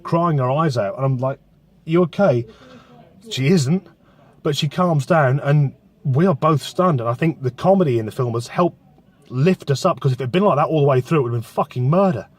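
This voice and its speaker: A man giving an excitable, sweary spoken film review from inside his car. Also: medium pitch, brisk.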